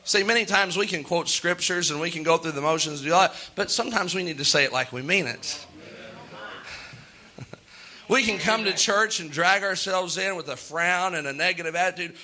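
A man's voice: high voice, normal speed, pushed and bright. A man preaching a sermon from the pulpit, earnest and plain-spoken, rising to fervent outbursts. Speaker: pastor.

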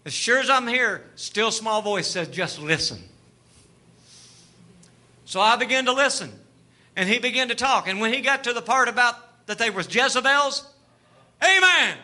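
A man preaching a sermon testimony, telling a story, acting out the dialogue and rising to fervent shouts. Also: very high-pitched, lively intonation, normal speed, long pauses. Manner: storytelling, acts out dialogue, rises to shouting fervor.

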